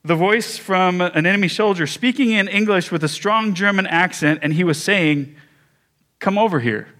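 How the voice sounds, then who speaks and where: A man pastor preaching a sermon, telling a story with measured pauses and small restarts. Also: high voice, fairly bright tone.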